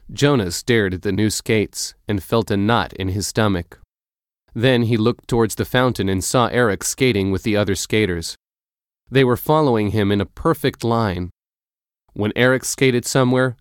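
A man narrating a storybook chapter in a measured, clear reading. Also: fairly low pitch, dry recording, studio quality. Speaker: audiobook narrator.

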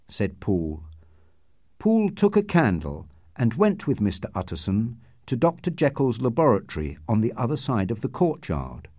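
Lively male storybook narrator. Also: mid-range voice, moderate pace, no echo, clean studio sound. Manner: expressive, acts out dialogue. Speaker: audiobook narrator.

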